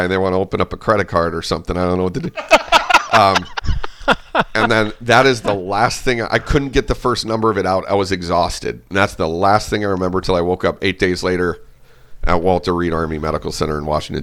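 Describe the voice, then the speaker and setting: A man from Minnesota telling his story as an interview guest, animated and swearing, acting out what others said in a raised voice. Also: sits low, quick pace.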